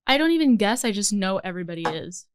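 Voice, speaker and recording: A woman's voice: mid-range voice, big pitch swings, fast talker, a little hiss or hum. A young woman co-hosting a podcast in playful, teasing casual chat, giggling often. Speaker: podcast co-host.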